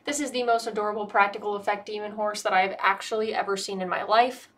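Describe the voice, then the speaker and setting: A woman's voice: mid-range voice, little pitch movement, fast talker, fairly bright tone. An American woman giving a casual comedic movie review, sarcastic and profane, rambling and a bit tipsy. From United States.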